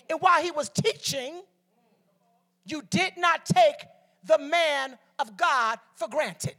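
This guest preacher from Detroit speaks slowly in a high-pitched, somewhat bright voice. Her sermon uses call-and-response with the congregation, broken up by storytelling asides.

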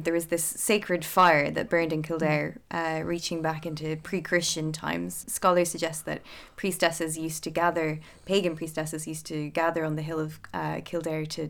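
A woman's voice: sits low, vocal fry. An Irish woman co-hosting a casual chat, reading from notes with many fillers and self-corrections. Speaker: podcast co-host.

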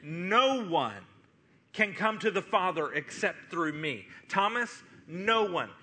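A man's voice: high voice, big pitch swings, takes it slowly, sharp tone, a little hiss or hum. A man preaching a sermon as pastor, pleading and impassioned, with much repetition.

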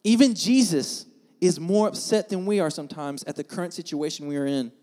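A man preaching a sermon who is earnest and repeats words as he builds emphasis, moving between hushed scripture reading and loud rising points. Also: a little high, a little fast. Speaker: pastor.

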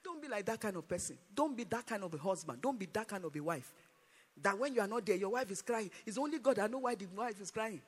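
A man preaches a sermon in a high, bright, husky voice that rises into a sing-song cadence. His delivery swoops up and down with emphasis, and long reverb from an echoey church hall trails behind every line. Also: lively intonation, quick pace.

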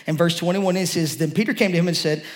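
A man's voice: a little high, quick pace. A man preaching a sermon, explaining a scripture passage in a conversational way and rising to emphatic peaks.

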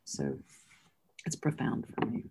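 Low gravelly woman, reflective pastor. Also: big pitch swings, slight background noise. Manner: thoughtful, halting, with soft laughs. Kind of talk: reflective storytelling.

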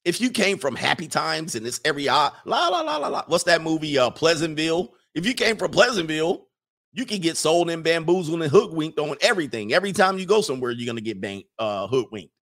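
A man in his forties talks through a casual commentary stream with a gravelly, creaky edge. His pitch swings widely as he jokes, and he often trails off while hunting for a word. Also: fast. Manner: animated, joking, trails off searching for words. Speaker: host reacting to clips and super chats.

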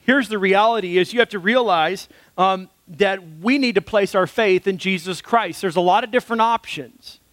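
Earnest high-voiced male pastor. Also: moderate pace, few pauses, fairly bright tone, dry recording. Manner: earnest, storytelling with fillers. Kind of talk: sermon.

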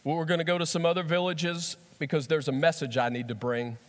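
A calm and resolute teacher, as a preacher voices him, speaking in firm, measured phrases at a fairly high pitch for a man. A long reverb trails after each line in a large hall. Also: lightly acted.

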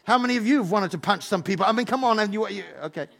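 High gravelly pastor. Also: male voice, rapid-fire, a bit bright. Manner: playful, joking asides to the congregation. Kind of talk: lively sermon.

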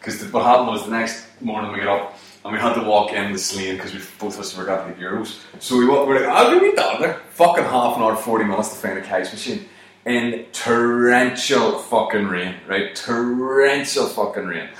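Comedian, man, 30s, low-ish voice, crude and swearing, echoey room, mic a bit far off. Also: fairly quick. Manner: swears constantly, animated, voice jumps up for quoted shouts. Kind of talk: profane comic storytelling.

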